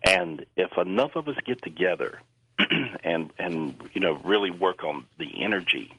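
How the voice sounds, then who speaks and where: A man's voice: low-pitched, animated, unhurried, sharp tone, husky, dry recording, rough recording. A man speaking as a psychic guest on a radio interview, earnest and rambling, often repeating words as he talks.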